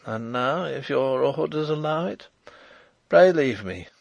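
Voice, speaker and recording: A man's voice: mid-range voice, animated, slow, vocal fry, no room sound, heavily acted. A man voicing an imprisoned king, with a faint, hollow, despairing voice. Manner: weary, despairing. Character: captive male king, weak, hollow and despairing.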